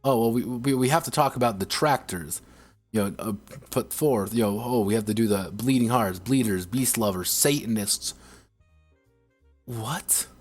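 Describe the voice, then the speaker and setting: A man's voice: mid-range voice, normal speed, soft background music. A man streaming, ranting casually in a sarcastic, profane way, rambling with frequent restarts.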